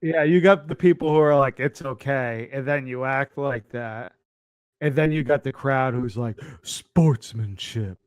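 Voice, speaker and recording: A man's voice: mid-range voice, moderate pace, smooth, dry recording, clean studio sound. A man co-hosting a gaming podcast, blunt and profane, teasing his friend in casual chat. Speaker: podcast co-host.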